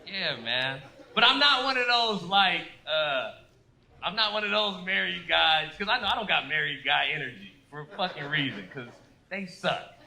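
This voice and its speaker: A man's voice: on the high side, animated, moderate pace, gravelly, sharp tone. A man doing a brash, profane, rambling stand-up comedy set.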